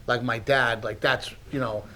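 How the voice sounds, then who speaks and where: A man co-hosting a podcast, telling stories in a casual, animated way that is full of laughs and swearing. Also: medium pitch, moderate pace. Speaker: podcast co-host, comedian. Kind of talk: casual storytelling chat.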